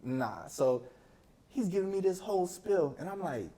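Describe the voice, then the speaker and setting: A young man, a podcast guest, chatting casually and telling a personal story with lively slang. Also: high-pitched, takes it slowly, long pauses. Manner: animated storytelling with slang, acting out quoted people. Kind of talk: casual chat.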